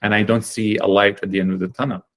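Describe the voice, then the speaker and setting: Fast-talking and fairly low-voiced, a chocolate company founder recounts his story as a guest on a podcast. He comes across as earnest and animated, leaning on fillers whenever he pauses to think.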